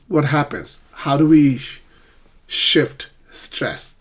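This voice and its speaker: A man teaching an online English pronunciation lesson, drilling words slowly and often checking in with the learner. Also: medium pitch, sing-song, slightly rough.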